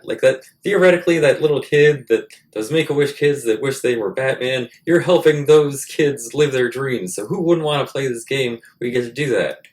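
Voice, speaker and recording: A man hosting a comedic monologue, cracking crude, self-mocking jokes and swinging between loud bursts and quiet asides. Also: mid-range voice. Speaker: host.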